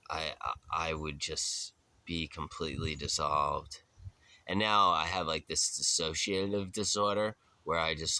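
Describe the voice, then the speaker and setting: A young man with a very low-pitched voice and a bright, forceful edge rambles casually to the camera. He is laid-back and slangy, swears freely and drifts into talk about spirituality and being present. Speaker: vlogger.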